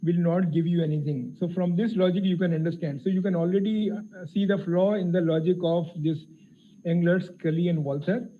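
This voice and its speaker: A man giving a technical physics lecture, explaining carefully with frequent pauses and fillers. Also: sits high, fairly even intonation. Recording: tinny phone-like lecture audio with faint hiss.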